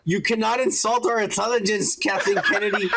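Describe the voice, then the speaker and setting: A man's voice: high-pitched, fairly quick, gravelly, very noisy. A man co-hosting a casual podcast, griping and swearing as he retells scenes. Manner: animated, swears a lot, acts out scenes in quoted voices. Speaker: podcast co-host. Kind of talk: casual profane review chat.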